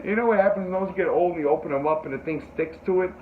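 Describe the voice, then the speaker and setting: A man hosting a casual podcast, telling a rambling, animated story full of fillers and swearing, and jumping into high yelps when he quotes people. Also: very fast. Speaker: podcast host. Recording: tinny phone-like sound with faint noise.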